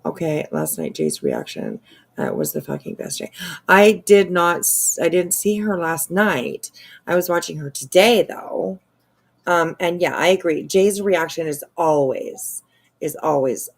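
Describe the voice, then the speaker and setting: A woman live-streaming her sarcastic take on online drama, talking slowly in a low, gravelly voice. Her tone is husky, and she draws out her exclamations and swears casually as she chats.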